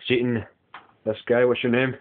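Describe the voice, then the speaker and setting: A man's voice: medium pitch, level tone, normal speed. A young man asking blunt questions and heckling in an amateur skit. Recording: tinny lo-fi home video with faint hiss.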